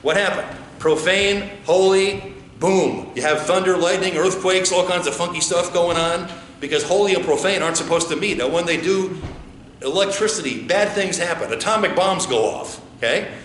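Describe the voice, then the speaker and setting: Male American pastor, slightly higher voice, chatty sermon full of questions, echoey church room. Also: brisk, a bit bright, slight background noise. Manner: conversational, asks the congregation questions. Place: church sanctuary. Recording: echoey church with faint ambience.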